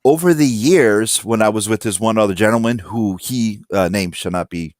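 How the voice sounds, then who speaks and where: A man telling stories in a casual podcast chat, acting out quotes loudly. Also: on the low side, normal speed, dry recording, studio quality. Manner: animated storyteller, acts out quotes loudly. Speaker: podcast guest.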